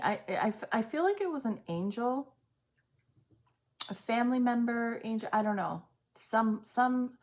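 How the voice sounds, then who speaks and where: A woman giving an intense psychic reading to camera, halting and trailing off as she speaks. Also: medium pitch, darkish tone. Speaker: psychic reader. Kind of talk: intuitive reading on video.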